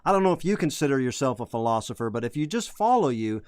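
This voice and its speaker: A man's voice: medium pitch, very animated, fast, a little mellow, smooth, dry recording, clean studio sound. A man hosting an interview, rambling and searching for words. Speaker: host. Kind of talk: casual interview chat.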